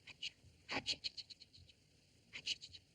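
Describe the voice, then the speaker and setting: A man's voice: high voice, big pitch swings, fast talker, vocal fry, sharp tone, a little hiss or hum, heavily acted. A man playing a shrunken, self-pitying showman who mangles big words, in 1930s film comedy acting. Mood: melodramatic.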